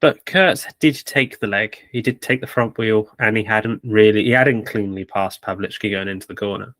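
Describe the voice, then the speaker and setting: A man with a fairly low voice talks through his views in a relaxed but firm way, pausing on fillers as he works through each point. The sound is dry and close to the mic. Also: dry recording. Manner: opinionated, measured analysis with fillers. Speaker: podcast co-host. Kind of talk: casual sports chat.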